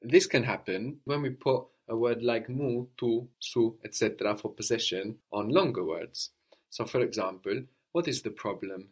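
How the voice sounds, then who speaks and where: A man's voice: medium pitch, moderate pace. A man teaching a language lesson, explaining points patiently and modeling phrases for a student to repeat.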